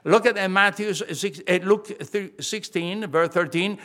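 An older man with a high-pitched voice delivers a sermon. He preaches with emphasis, hammers home key phrases, and often stops to restart his sentences. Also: measured pace, bright, forceful tone.

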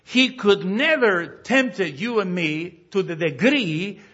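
Pastor preaching, bright husky voice, slow punchy scripture reading, lots of uhs. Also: male voice, high voice, animated, dull audio. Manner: slow emphatic scripture reading, many fillers and restarts. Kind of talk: sermon.

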